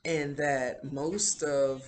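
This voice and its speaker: A woman's voice: deep voice, fairly even intonation, extremely slow, a little mellow, a little hiss or hum. A woman hosting a video who retells a series in a casual, rambling way, with many fillers. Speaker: video host. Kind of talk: casual show recap.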